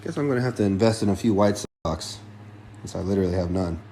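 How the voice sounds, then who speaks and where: A man's voice: sits low, fast, dark tone, a little hiss or hum. A man doing a casual sneaker unboxing vlog, loose and profane, with muttered asides. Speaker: sneaker vlogger.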